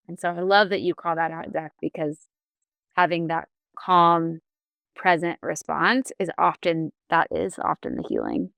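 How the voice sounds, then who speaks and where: A woman who works as a therapist, speaking as a podcast guest in a gentle, reflective way. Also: sits low, big pitch swings, unhurried, vocal fry, dry recording. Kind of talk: casual podcast conversation.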